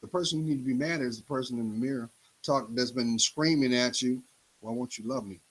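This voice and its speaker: Husky man preaching motivation. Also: fast, rough recording. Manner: emphatic, swings pitch up and down for effect. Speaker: motivational speaker.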